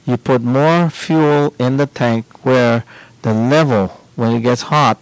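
A man hosting a radio show and explaining things to listeners in a deliberate way. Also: medium pitch, no room sound, poor audio. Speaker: radio host. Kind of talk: radio advice talk.

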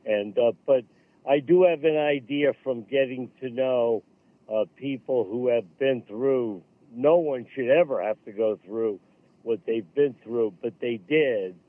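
An earnest man talks haltingly, circling back to restart his phrases. He comes through a narrow, tinny phone line with a dry sound and no room around him. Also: mid-range voice, no echo. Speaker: radio guest, veterans golf program leader. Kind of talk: phone-in radio interview.

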